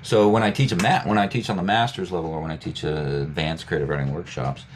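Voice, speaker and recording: Deep-voiced man teaching sound in poetry. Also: fairly even intonation, slight background noise. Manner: thoughtful, halting, many fillers and restarts; demonstrates sounds slowly and deliberately. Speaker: poet and writing teacher. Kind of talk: guest talk leading a workshop.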